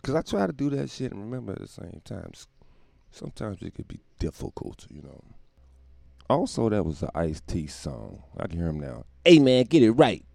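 A low, gravelly male voice that swings widely in pitch as he rambles through a profane, self-mocking comedy monologue. He laughs at his own jokes often. The recording is dry and close. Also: sing-song, normal speed, warm tone, no echo. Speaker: podcast host.

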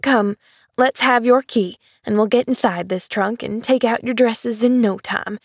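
A plain-spoken country housemaid, played by a woman reader, brisk and motherly with a homespun dialect. She speaks slowly in a dry, close recording. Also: fairly high pitch, breathy edge, no room sound. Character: kindly rustic young housemaid, plain-spoken.

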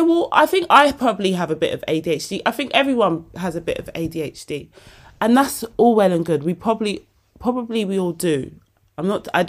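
A woman, hosting a podcast and talking casually and emotionally about herself, often calling the listener babe. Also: medium pitch. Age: 40s. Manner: chatty, emotional, self-mocking, calls listener babe. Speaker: podcast host. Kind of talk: casual personal monologue. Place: bedroom at home.

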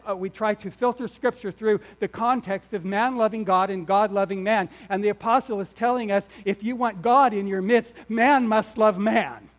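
A man preaching a sermon as pastor. He swings from emphatic, near-shouted lines to quiet asides and often repeats or restarts his words. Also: high voice.

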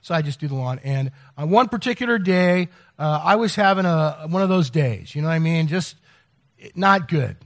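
A man's voice: on the high side, animated, a little fast, hardly any pauses. A middle-aged man preaching a sermon as pastor, telling a story with many restarts and repeated words. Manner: rambling, self-interrupting storyteller.

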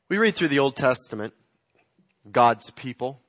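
Dynamic pastor preaching. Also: male voice, medium pitch, sing-song, no echo, studio quality. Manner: dynamic, swings between loud emphasis and quiet, slowed phrases. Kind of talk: sermon.

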